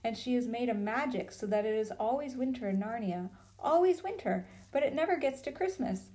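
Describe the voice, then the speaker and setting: A woman's voice: on the high side, brisk, natural voice. A woman reading a storybook and voicing an eager, happy little girl. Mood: excited. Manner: eager and breathless with excitement.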